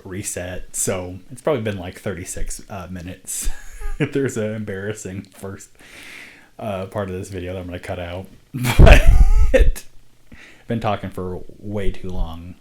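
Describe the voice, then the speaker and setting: A man's voice: deep voice, steady tone, normal speed, noisy background. A man talking to camera in a casual, rambling vlog, earnest and sweary, often breaking into laughter. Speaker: vlogger, independent filmmaker.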